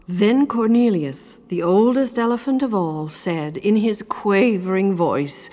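A woman reads a children's storybook aloud, slow and expressive, with her pitch sitting in the middle of her range. A long reverb trails after her voice. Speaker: narrator. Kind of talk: storybook reading.

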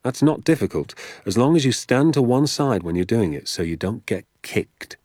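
A man reading an audiobook, voicing a secretive, enthusiastic father who talks in a low, confiding hush and sometimes drops to a whisper. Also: big pitch swings, moderate pace, no echo, studio quality. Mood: hushed explaining. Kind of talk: audiobook character voice.

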